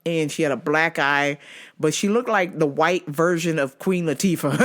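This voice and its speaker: A woman's voice: low-pitched, normal speed, fairly bright tone. A woman host telling work stories casually, profane and often laughing. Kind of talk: casual comedic storytelling.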